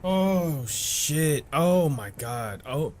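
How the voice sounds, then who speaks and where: A man reacting to an anime episode, muttering low asides and then yelling, laughing and swearing at the shocking moments. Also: extremely slow. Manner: excitable, swears a lot, yells and laughs at shocks. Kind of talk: live reaction commentary. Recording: faint music behind.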